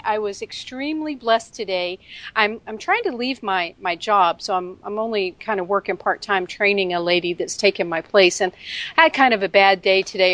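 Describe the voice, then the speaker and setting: A woman's voice: medium pitch, a bit bright, dry recording. A woman with a Southern American accent, a regular guest on a radio chat show, chatting casually and laughing often. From southern United States.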